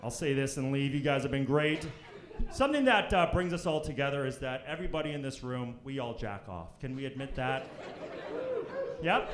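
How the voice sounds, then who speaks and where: A brash young man from Canada doing stand-up on a club stage, his voice fairly high and swinging all over the place. He talks crude and quick, jumping into loud squeaky voices for the people he quotes. The room rings with echo, and a crowd laughs through it. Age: young adult. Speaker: stand-up comedian. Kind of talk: stand-up set. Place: comedy club stage before a live audience.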